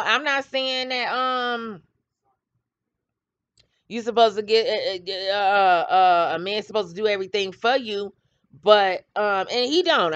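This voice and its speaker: A woman's voice: medium pitch, fairly bright tone, dry recording. A middle-aged woman hosting casual gossip commentary, blunt and trash-talking, laughing often. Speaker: commentary channel host. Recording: dull lo-fi dry sound.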